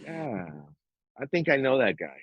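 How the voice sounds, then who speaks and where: A man's voice: medium pitch, sing-song, unhurried, slightly rough, no echo, highs cut off. A middle-aged man co-hosting a podcast, telling a story casually with swearing and acted-out quotes. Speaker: podcast co-host. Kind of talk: casual chat.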